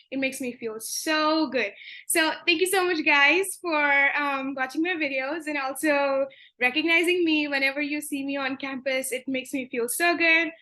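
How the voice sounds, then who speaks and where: A woman's voice: high voice, sharp tone. A young woman vlogging as a student, chatty and upbeat, talking straight to her viewers. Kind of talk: casual vlog talking to viewers.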